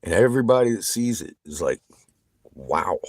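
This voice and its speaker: A lower-pitched man talking to his stream viewers, swinging his voice up and down with a lot of energy. He swears freely and keeps breaking into laughter. The sound is dry and close, with no room echo. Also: a little slow. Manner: profane, excitable, laughs often. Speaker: livestreamer. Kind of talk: casual livestream chat with viewers.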